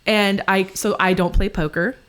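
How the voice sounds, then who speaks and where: A woman co-hosting a podcast in casual chat, animated and ranting, laughing often. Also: mid-range voice, normal speed, clear, resonant tone. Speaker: podcast co-host.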